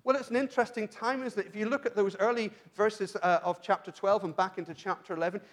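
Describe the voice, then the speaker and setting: British male pastor, high-pitched, earnest sermon delivery with frequent restarts. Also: steady tone, fast. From Britain. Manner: earnest, asks rhetorical questions, frequent restarts.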